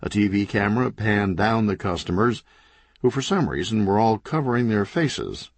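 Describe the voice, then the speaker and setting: A man reading a crime comedy audiobook in scripted narration with an animated, dry comic delivery. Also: lowish voice, moderate pace, no echo.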